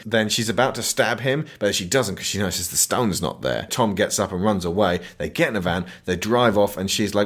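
Low-voiced man with a lively, sarcastic delivery. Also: fairly quick, few pauses. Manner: sarcastic, mocking impressions of characters. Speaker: film podcast host. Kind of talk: casual film review recap.

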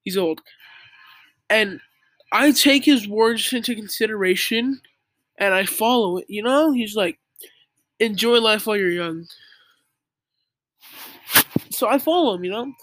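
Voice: mid-range voice, expressive, moderate pace, a bit bright, no room sound. Earnest young speaker preaching casually. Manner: earnest, informal, many "like" fillers, lecturing the listener. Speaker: young believer giving religious advice. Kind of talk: casual preachy monologue to camera.

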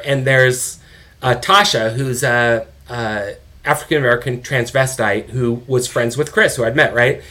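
A man's voice: medium pitch, moderate pace. Middle-aged man telling a raw story. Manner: animated, swears, quotes people in their own voices. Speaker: guest, father of an addicted son. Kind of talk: candid conversational storytelling.

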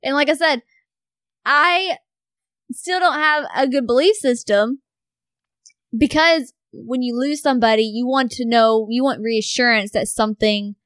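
A woman with a fairly high voice tells a story in casual talk, swearing freely and acting out what everyone said. The sound is dry and close to the mic. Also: a little slow, clear, resonant tone, no echo. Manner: swears a lot, animated storytelling. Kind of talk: casual conversation.

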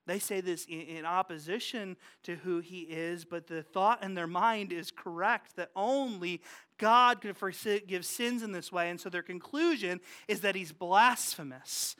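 Lively bright-voiced preacher, loud then hushed. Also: mid-range voice, normal speed, clear, resonant tone. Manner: animated and conversational, swinging from loud outbursts to hushed asides; asks the congregation questions and jokes about family life. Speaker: pastor. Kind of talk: sermon. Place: church, speaking to a congregation.

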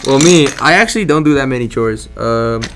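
A man's voice: mid-range voice, expressive, brisk, crowd noise. A young man hosting a casual late-night chat with friends, joking, swearing and laughing as he talks. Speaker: podcast host. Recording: faint background noise.

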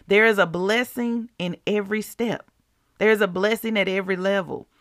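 Woman, devotional podcast host; bright, forward tone, dry room, conversational. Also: medium pitch, moderate pace, no echo. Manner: chatty, asks the listeners rhetorical questions. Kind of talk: casual devotional talk.

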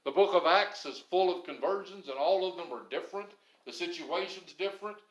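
Male pastor, sermon delivery, emphatic with quiet drops; voice sits a bit high; echoey room. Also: fairly quick, muffled recording. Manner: emphatic, swings between loud stresses and low quiet phrases.

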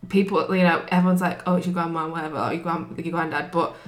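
A young woman in casual conversation with friends, earnest and quick to agree. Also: lowish voice, little pitch movement. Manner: earnest, frequent agreeing fillers. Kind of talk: casual chat. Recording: echoey room.

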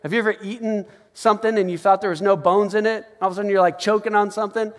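A man's voice: high voice, racing. A man preaching a casual, conversational sermon as pastor, acting out little scenes and quotes. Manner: conversational, animated, acts out quotes with laughs. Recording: long hall reverb.

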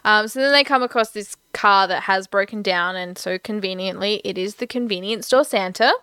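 A woman's voice: medium pitch, normal speed, sharp tone, clear, resonant tone, dry recording. A woman chatting casually and enthusiastically about a film, swearing often. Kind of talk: casual film recap chat.

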